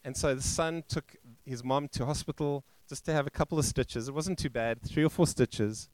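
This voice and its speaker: A male pastor telling a story in a sermon, halting and restarting, and acting out the quoted voices. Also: medium pitch, a little mellow, no room sound. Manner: halting, with frequent restarts and fillers. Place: church.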